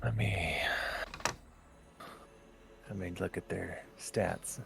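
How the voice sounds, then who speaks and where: A man running a tabletop game as game master, easygoing and quick with remarks, laughing often. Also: low-pitched, fairly even intonation, creaky.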